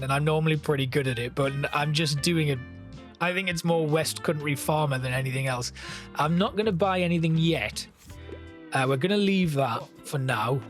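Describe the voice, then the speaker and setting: A man's voice: on the high side, a bit bright. A man giving casual gameplay commentary, chatting and thinking aloud as he plays and reads game text.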